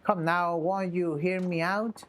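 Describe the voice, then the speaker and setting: A woman's voice: fairly low pitch, fairly even intonation, measured pace, natural voice. A woman voicing a pompous self-styled nobleman in his thirties, reading game dialogue in a haughty, archaic way. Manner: haughty, archaic, grandiose phrasing.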